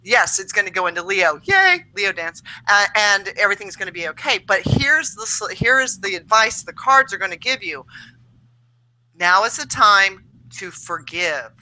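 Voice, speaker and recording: A woman's voice: medium pitch, expressive, normal speed, sharp tone, rough recording. A woman co-hosting a casual astrology show, reading tarot cards in a chatty, upbeat way with lots of fillers. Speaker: tarot reader co-host.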